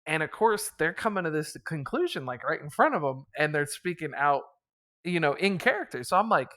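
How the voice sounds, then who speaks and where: Rambling, chuckling game master recapping. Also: male voice, fairly high pitch, very animated, brisk, bright, forceful tone. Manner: rambling, chuckling retelling full of fillers. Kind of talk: casual campaign recap.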